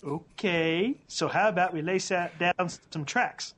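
A man reading the part of a brash, slangy male rapper in a comic read-through, flatly speaking the punctuation aloud. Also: sits high, a little slow. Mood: deadpan. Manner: reads out punctuation deadpan.

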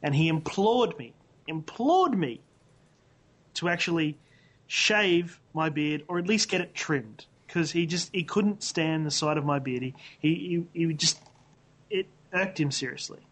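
A man's voice: fairly high pitch, expressive, a little slow, a bit bright, breathy edge. A man co-hosting a podcast, telling a playful story in casual chat. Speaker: podcast co-host.

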